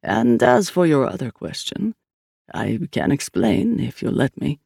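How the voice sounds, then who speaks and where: Brief: studiously calm older priest, gravelly, dry recording, read by a man. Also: medium pitch, dry recording, full character voice. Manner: calm, measured.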